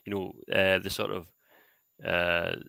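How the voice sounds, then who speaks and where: A man's voice: sits low, flat delivery, a little slow, creaky, bright, forceful tone, no echo. A man co-hosting a podcast, chatting casually about football players and laughing easily. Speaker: podcast co-host. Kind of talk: casual sports chat.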